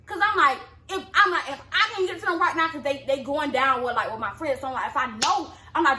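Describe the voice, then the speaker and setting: A young woman telling a story in casual chat, animated, acting out quotes in a high yelling voice. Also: quick pace, hardly any pauses. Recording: echoey room with clear background noise.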